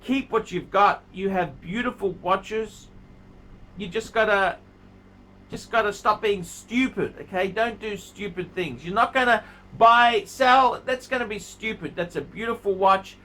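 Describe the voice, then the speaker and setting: A man's voice: high-pitched, measured pace, sharp tone, low-quality recording. A man hosting his own video channel, giving a blunt, scolding watch review and repeating himself for emphasis. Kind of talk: casual video review monologue.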